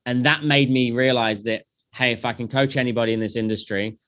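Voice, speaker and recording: A man, a company founder, telling animated stories and acting out past conversations in a casual interview. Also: mid-range voice, a little fast, no echo.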